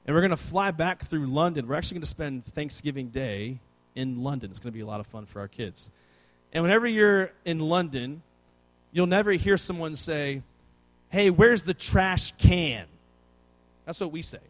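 A man's voice: a little high, lively intonation, fairly quick. A man in his thirties preaching a sermon, telling family stories with playful asides and acting out his children's voices. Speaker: pastor.

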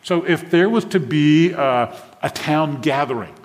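A man's voice: on the high side, unhurried. A man, a pastor preaching a sermon to a congregation, engaging them with questions. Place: church sanctuary with a congregation. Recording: long hall reverb from a church.

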